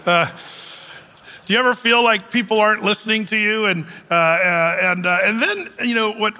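Man preaching, high voice, bright tone, chatty storytelling, fillers and restarts, long hall reverb. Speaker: pastor. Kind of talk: sermon.

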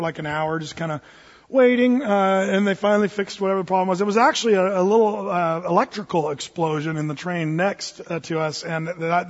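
A middle-aged man with a fairly high, husky voice tells a long story in a loose, rambling way, stumbling over restarts and fillers. He sounds far away in a big, echoing hall, and the recording is dull and muffled. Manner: rambling, lots of fillers and restarts, acts out quotes. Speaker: speaker telling a personal story. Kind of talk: anecdotal storytelling.

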